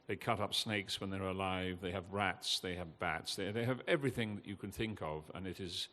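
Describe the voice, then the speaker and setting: An older man, giving an impassioned, earnest talk from a festival stage, halting with fillers now and then. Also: sits low, pushed and bright. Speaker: guest speaker at a festival. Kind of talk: emotional public talk. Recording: long hall reverb.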